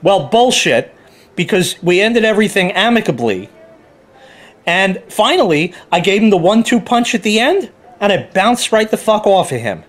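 A man's voice: sits high, very animated, moderate pace. A man telling an angry, profane story about a neighbor in a heated rant and quoting people as he goes. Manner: heated, profane, quoting others in put-on voices. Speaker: car hobbyist vlogger.

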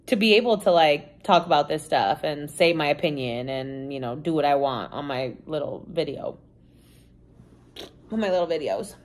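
A young woman vlogger with a fairly low voice chats casually to the camera. She rambles openly and swears now and then, leaning on "like" and "you know" as she talks. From United States. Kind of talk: casual confessional chat to camera.

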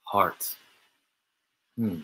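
A man giving expressive live voicing for a virtual art workshop, in short, animated exclamations and playful reactions over a video call. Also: drawn-out words.

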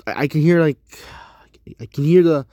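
A man rambling to his viewers while he works through a language lesson, haltingly repeating words and correcting himself. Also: a little high, dark tone, dry recording, studio quality. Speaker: vlogger. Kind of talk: rambling commentary while doing a language app.

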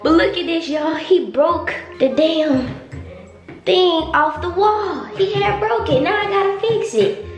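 A young woman with an extremely high-pitched, slightly slow voice films a prank vlog indoors at home, teasing her boyfriend in slangy talk and repeating herself. The muffled recording has an echoey room and background music underneath.

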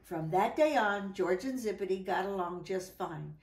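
A woman reading a children's picture book aloud in an animated, sing-song storytelling voice, with voiced exclamations and howls. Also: medium pitch, moderate pace, echoey room.

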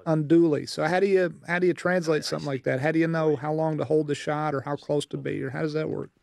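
A man chats casually on a film commentary, stumbling through fillers and restarts and laughing often. His voice is a little high with a gravelly edge. It sounds dry and close. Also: fairly even intonation, fast talker, a little mellow, no echo. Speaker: filmmaker on an audio commentary.

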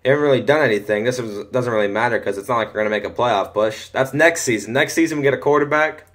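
Teen guy playing football game at home, talks to himself a lot, mid pitch, gets hyped fast. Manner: chatty, easily excited, mutters to himself. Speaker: gaming commentator. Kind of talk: casual gameplay commentary. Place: home room.

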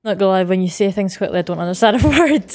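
A woman's voice: medium pitch, lively intonation, quick pace, darkish tone, slight background noise. A young woman with a light Scottish accent chatting casually while she plays a video game on stream, laughing at herself and answering chat. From Scotland. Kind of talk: casual gameplay commentary.

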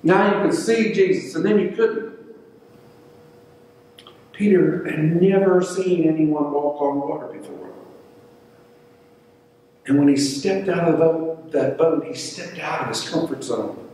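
A warm, slightly high male voice preaches a sermon a little slowly, pausing often as the pastor tells stories and acts out their voices. The recording comes from a distant mic in an echoey church sanctuary.

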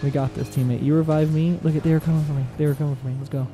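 A man giving excitable, casual commentary on his own gameplay, repeating short phrases and shouting in tense moments. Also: a little high, racing, music in the background. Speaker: gaming channel host.

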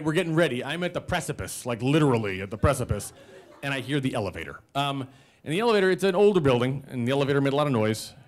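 A man in his forties telling a comic personal story live on stage, self-mocking, with animated quoted voices and audience laughter behind. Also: medium pitch, a little hiss or hum.

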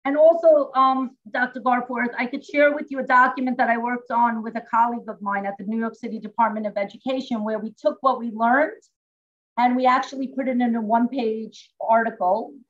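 A woman's voice: a little high, fairly even intonation, a little fast, highs cut off. A woman teacher at home, chatting animatedly as she demonstrates a classroom reading method step by step over a video call.

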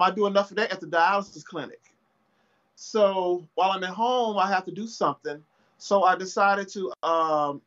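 A man's voice: high-pitched, fairly bright tone, highs cut off. A man guesting as a comedy writer in a casual interview, hesitant and self-correcting but good-humored, over a video call.

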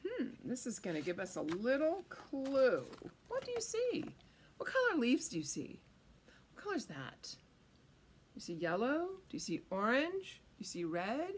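A woman's voice: a little high, huge pitch swings, moderate pace, slight background noise. A woman hosting a children's storytime, reading a picture book in a playful, coaxing way and asking the kids questions.

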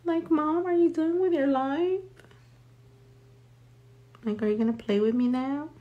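A woman's voice: high-pitched, a little slow, highs cut off, voice pushed up. A woman voicing her young male pet dog, whining and nagging to be played with. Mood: whiny. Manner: whiny, nagging.

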